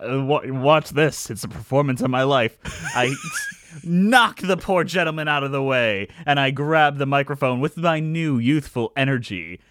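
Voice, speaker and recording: A man's voice: medium pitch, moderate pace, fairly bright tone, dry recording. Brash theatrical man, dry close mic. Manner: brash, theatrical in-character bluster. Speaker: player. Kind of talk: playing a tabletop game in character.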